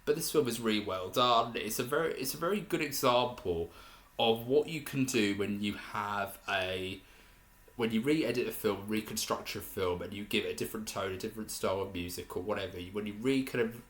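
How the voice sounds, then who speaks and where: In a casual spoken film review, a young man with a fairly low, slightly bright voice rambles and hesitates, often stopping to restart a thought. He talks a little fast, and a noticeable room echo surrounds his voice.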